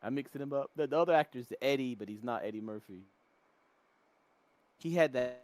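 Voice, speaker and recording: A man's voice: on the low side, a little mellow. A man from North Carolina chatting casually, telling rambling stories full of tangents and self-corrections. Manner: rambling, tangent-prone storytelling. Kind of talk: casual chat.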